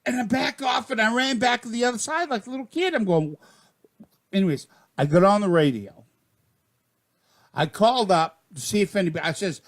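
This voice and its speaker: An older man with a Maine accent tells a rambling comic tall tale in excitable folksy slang. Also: sits high, moderate pace. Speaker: storyteller.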